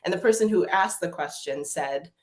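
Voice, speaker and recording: A woman from Nigeria, a college professor, telling personal stories as a guest in a casual conversation, expressive and lively as she recounts them. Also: fairly low pitch, moderate pace. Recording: roomy echo.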